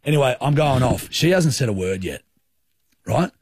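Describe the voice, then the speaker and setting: A man with an Australian accent co-hosting a radio show, telling a story in animated, colloquial banter. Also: mid-range voice, moderate pace, husky, dry recording, clean studio sound. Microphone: studio microphone.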